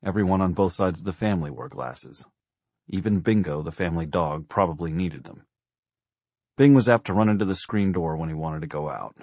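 A man reading a novel aloud as an audiobook narrator, in a measured, wry storytelling manner. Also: sits low, a little mellow, dry recording. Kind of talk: scripted narration.

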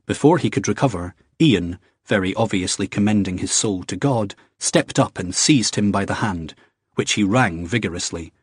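A man narrating a novel in a steady, even storytelling manner. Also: fairly low pitch, moderate pace, husky, no echo, studio quality. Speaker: audiobook narrator. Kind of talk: scripted narration.

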